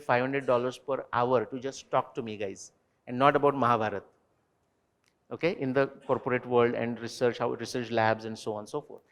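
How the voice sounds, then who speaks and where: A man answering student questions at a university talk, animated and digressive, turning to quiz the audience directly. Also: medium pitch, long reverb tail. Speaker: invited speaker. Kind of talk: lecture Q&A with students. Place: university lecture hall.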